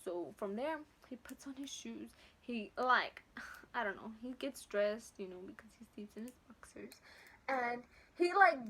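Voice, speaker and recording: A woman's voice: fairly high pitch, a little slow, husky. A young woman vlogger casually telling a long personal story, acting out the other voices and swearing freely. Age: young adult. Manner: animated, acts out voices, swears freely, mixes Spanish.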